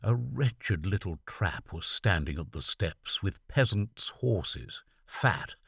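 A man's voice: deep voice, lively intonation, slow, vocal fry, fairly bright tone, slightly rough, no echo, studio quality, heavily acted. A man voicing a sensible middle-aged country doctor who talks freely with some humour, in a weak, quavering voice. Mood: chatty.

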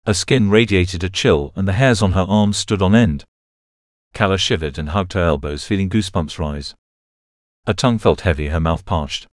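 A man reading a novel aloud as a narrator, in a steady, even way. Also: sits low, no echo, clean studio sound. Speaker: audiobook narrator. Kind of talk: scripted narration.

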